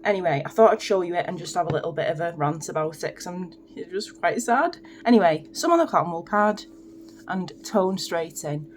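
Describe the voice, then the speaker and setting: A woman's voice: on the low side, slight background noise. A woman chatting casually through her morning skincare routine in a home vlog, rambling with self-deprecating asides. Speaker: beauty vlogger.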